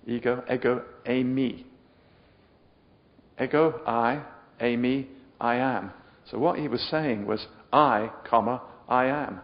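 A slow-talking man with a medium-pitched voice preaches in a joking, conversational style, frequently questioning the audience. His sermon comes through dull lo-fi audio drenched in long hall reverb.

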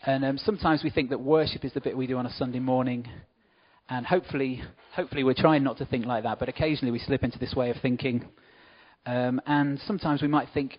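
A man gives a relaxed, conversational talk to a church congregation, throwing in friendly asides between points. His voice sits at a middle pitch. The recording sounds a little muffled and dull. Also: fast talker. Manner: chatty, warm asides to the congregation. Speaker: church speaker.

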